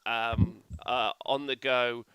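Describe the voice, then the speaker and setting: A man's voice: medium pitch, fairly even intonation, slow pace, fairly bright tone, a little hiss or hum. A male host chatting casually on a live stream, swearing freely and filling gaps with "uh".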